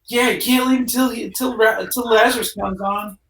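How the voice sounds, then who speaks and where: A man voicing excited young male clubgoers at a rave, gushing in a loud, high-pitched way. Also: fairly quick, creaky, echoey room, a little hiss or hum.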